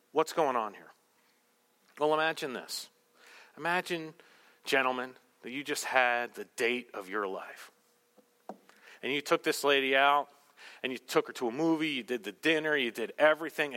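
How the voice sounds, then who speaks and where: A man's voice: fairly high pitch, animated, a little slow, bright, forceful tone. A man preaching a sermon, acting out the lines of the people in his story, sometimes dropping to a whisper. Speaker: pastor.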